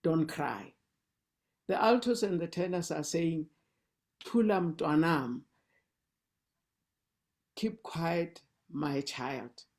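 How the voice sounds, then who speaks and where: A woman's voice: low voice, a little mellow. A South African woman leading a sing-along, teaching a song's words and pronunciation patiently, repeating syllables and restarting as she explains. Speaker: song leader. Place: indoors, online sing-along session.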